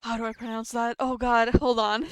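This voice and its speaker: A woman's voice: on the high side, little pitch movement, normal speed, clean tone. A woman whose first language is Estonian or Russian, streaming a visual novel, reading dialogue aloud and stumbling, self-deprecating, over words.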